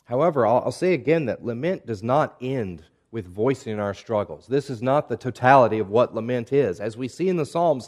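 A man preaching a sermon in a measured, reflective way, asking rhetorical questions of his listeners. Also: mid-range voice, a little mellow. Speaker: pastor.

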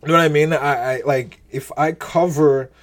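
A man's voice: on the high side, steady tone, normal speed. A man giving an informal devotional talk, rambling and restarting his sentences, often checking in with "right?" and breaking into light laughs. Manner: rambling, restarts often, keeps asking "right?" and "you know what I mean?"; laughs lightly between thoughts. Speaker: speaker giving a faith talk.

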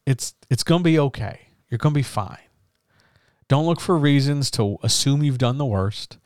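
A man's voice: medium pitch, darkish tone, dry recording, studio quality. A man talking casually as a writing coach, frank and reassuring, swearing now and then as he gives advice.

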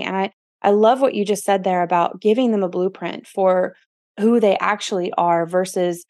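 A woman's voice: mid-range voice, fairly even intonation, fairly quick, darkish tone, no room sound. Lady hosting a podcast, earnest and encouraging, super dry mic. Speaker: podcast host. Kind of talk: casual podcast interview.

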